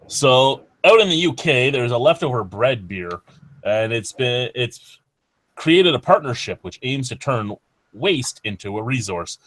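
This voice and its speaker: A man's voice: mid-range voice, no echo. A man hosting a podcast, reading beer news in a casual, profane, offhand way. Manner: profane, offhand, drawling delivery. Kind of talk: casual chat.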